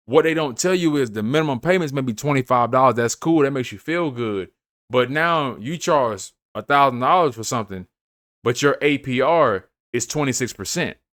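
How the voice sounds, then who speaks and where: A man's voice: mid-range voice, a bit bright, no room sound, studio quality. A man hosting a finance channel, giving casual, emphatic advice to camera in a slangy way, often checking in with "you feel me". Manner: slangy, repeats phrases, asks "you feel me"; emphatic, preachy.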